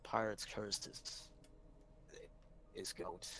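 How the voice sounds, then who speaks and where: A man chatting casually about video games with friends, excitable and quick to swear. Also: fairly low pitch. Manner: excitable, swears, calls everyone dude. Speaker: stream co-host. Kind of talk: casual gaming chat.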